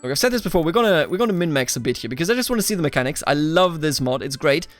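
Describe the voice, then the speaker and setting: A man's voice: fairly high pitch, very animated, very fast, faint music behind. A young man giving casual, playful gameplay commentary as the host, chatting back at the characters on screen. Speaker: let's play host.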